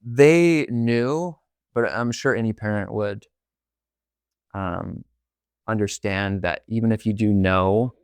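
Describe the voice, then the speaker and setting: Low gravelly young man, candid. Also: slow pace, pauses often, dry recording, studio quality. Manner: candid, rambling, heavy use of filler "like". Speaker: podcast guest. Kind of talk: casual interview storytelling.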